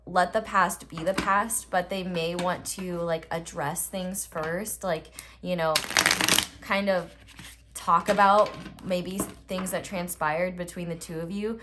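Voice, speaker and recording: A woman's voice: on the low side, noisy background. Chatty young woman reading tarot. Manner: chatty, rambling, lots of filler words. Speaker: tarot reader. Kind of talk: casual pick-a-card tarot reading.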